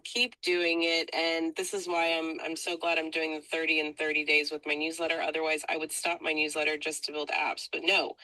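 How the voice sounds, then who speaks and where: Bright-voiced woman chatting effusively. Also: on the low side, dry recording, poor audio. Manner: gushing, chatty and warm-hearted. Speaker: community member sharing an update. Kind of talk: casual online group call.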